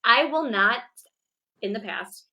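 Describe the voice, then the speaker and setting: Bright, mid-pitched woman guest; earnest and thoughtful, restarts sentences. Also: expressive, slow. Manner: reflective, self-correcting, earnest. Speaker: guest, business owner and coach. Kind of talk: casual livestream chat.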